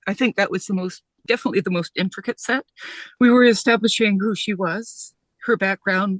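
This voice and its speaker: A woman working as a production designer, explaining her work in an interview, pausing often with "um.". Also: mid-range voice, a bit bright, no echo. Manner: thoughtful, pauses with "um"s. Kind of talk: casual interview chat.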